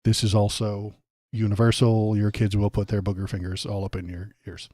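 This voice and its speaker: A man's voice: lowish voice, little pitch movement, normal speed, warm tone, no room sound, studio quality. A man hosting a political livestream, ranting casually over clips in a sarcastic, mocking way and swearing freely.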